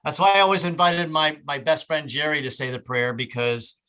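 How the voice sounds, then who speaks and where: Bright-voiced male stand-up comic, stammering. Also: fairly high pitch, fairly quick, clear, resonant tone. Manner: stammering restarts, loud punchlines. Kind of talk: stand-up set.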